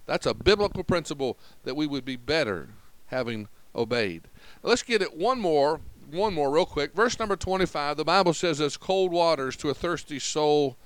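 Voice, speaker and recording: A man's voice: fairly high pitch, fairly bright tone, smooth, no echo, rough recording. A man preaching a sermon in an earnest, conversational manner, walking through Bible verses. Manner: earnest, conversational Bible teaching with acted-out quotes.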